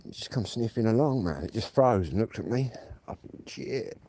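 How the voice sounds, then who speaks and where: A man's voice: lowish voice, expressive, a little fast, dark tone. An English man chatting bluntly in slang as he films a walk-and-talk vlog outdoors at night. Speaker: vlogger. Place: outdoors at night walking, then indoors at home.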